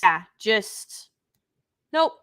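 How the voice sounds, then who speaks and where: A woman's voice: mid-range voice, big pitch swings, very slow, fairly bright tone, smooth. A woman hosting a live stream, giving an unscripted review in an indignant, emphatic way, with sighs and restarts.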